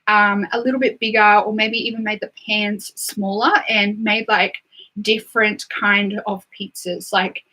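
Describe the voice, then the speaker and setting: A woman's voice: mid-range voice, flat delivery, measured pace, sharp tone, rough recording. A young Australian woman chatting casually on a live stream, filling her talk with "like" and "um". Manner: chatty, full of "like" and "um" fillers. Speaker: beauty livestreamer.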